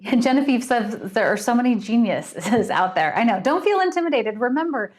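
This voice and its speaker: A woman's voice: a little high, animated. Chatty woman reading her mystery aloud. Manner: encouraging, chatty, dramatic pauses in narration. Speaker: author reading her story. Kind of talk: casual chat and storytelling read-aloud.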